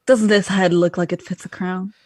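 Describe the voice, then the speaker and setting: A woman's voice: on the low side, fairly even intonation, normal speed, darkish tone, no room sound. A woman player speaking in character in a tabletop game, hesitant and playful.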